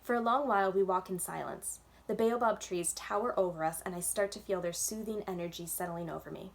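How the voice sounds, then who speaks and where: Librarian lady reading a kids' book out loud, clear steady narration. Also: medium pitch, brisk, few pauses. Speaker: children's librarian. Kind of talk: reading a children's novel aloud.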